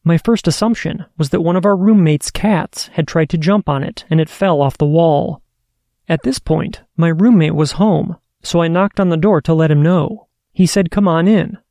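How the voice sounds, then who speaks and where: A man hosting a podcast, reading listener stories aloud in a steady, earnest way. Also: fairly high pitch, creaky, no room sound, clean studio sound. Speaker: podcast host.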